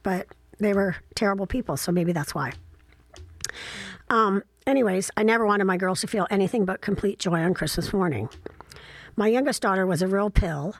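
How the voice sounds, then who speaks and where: A woman's voice: mid-range voice, moderate pace, dry recording. Candid middle-aged woman telling stories. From Ohio. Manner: candid, reflective, wry, with frequent fillers. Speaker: mother telling personal stories. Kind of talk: casual personal storytelling.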